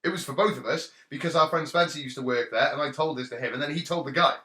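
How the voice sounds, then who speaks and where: A man's voice: on the high side, fast, bright, forceful tone. A man hosting a podcast, telling self-deprecating stories in casual chat. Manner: storytelling, jokey, self-deprecating. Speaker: podcast host. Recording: roomy echo.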